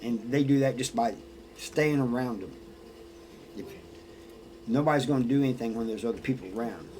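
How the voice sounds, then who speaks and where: A man's voice: medium pitch, normal speed, warm tone, slight background noise, rough recording. A man who served time in prison talks casually about life inside, plainspoken, often restarting his sentences and adding "you know.". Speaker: former prisoner sharing experiences. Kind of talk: casual storytelling monologue.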